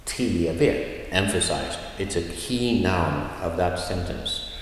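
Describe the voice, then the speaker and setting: A man teaching a language lesson, explaining slowly with many fillers and repeating example phrases aloud. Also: low-pitched, expressive, slight background noise. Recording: echoey room with long reverb.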